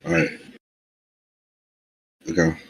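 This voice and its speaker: A man's voice: slow pace, no echo, rough recording. A man hosting a live stream, laid-back and hesitant, with plenty of ums between phrases. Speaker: stream host.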